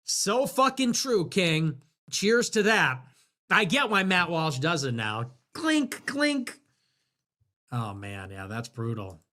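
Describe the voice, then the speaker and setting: A man hosting a livestream, rambling sarcastically, laughing often, swearing and dropping into low mutters. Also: lively intonation, slow pace, sharp tone. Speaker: livestream host. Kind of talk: casual livestream commentary.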